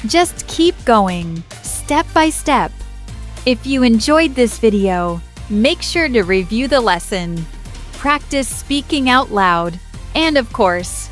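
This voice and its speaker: A woman teaching a slow beginner English lesson, speaking clearly and repeating each word for the learner. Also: a little high. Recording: dry close voice with faint music. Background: faint background music.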